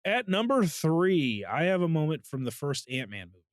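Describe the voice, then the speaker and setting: Bright-pitched man telling stories on a podcast. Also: big pitch swings, moderate pace, no echo, studio quality. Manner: easygoing storyteller, acting out screams and quotes. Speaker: podcast co-host. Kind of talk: casual chat.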